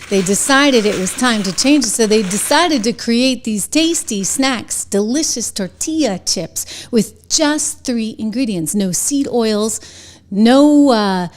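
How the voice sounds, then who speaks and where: A woman with a New England accent hosting a commentary show, talking in a chatty, animated way and laughing between points. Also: fairly high pitch. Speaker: show host. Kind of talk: commentary with a sponsor read.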